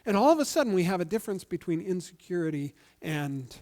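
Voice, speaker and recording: A male pastor giving a sermon in a conversational, animated storytelling way. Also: high voice, fast talker.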